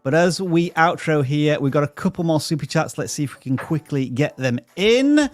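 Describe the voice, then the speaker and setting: A man's voice: a little high, expressive, normal speed, soft background music. A man hosting a live stream, upbeat as he reads out viewer messages and answers them.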